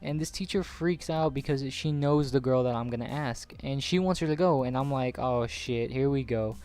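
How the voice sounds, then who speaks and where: A young man in his late teens, host of a gaming channel, speaks briskly in a fairly high, slightly mellow voice. Over gameplay he casually tells a personal story, rambling and swearing and saying "like" constantly.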